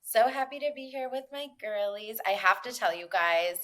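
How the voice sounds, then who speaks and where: A woman's voice: mid-range voice, lively intonation, moderate pace, a bit bright. A woman hosting a casual podcast, telling a story in a chatty way and acting out the dialogue. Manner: chatty storyteller, many likes and quoted dialogue. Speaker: podcast host. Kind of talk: casual chat.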